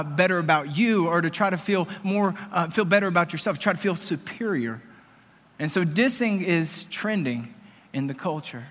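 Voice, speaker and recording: A man in his thirties with a bright, forceful voice gives a sermon-style talk. He tells self-deprecating stories, then turns earnest and emphatic. His words ring out with a long echo in a large hall. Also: fairly high pitch. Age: 30s. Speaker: speaker addressing students.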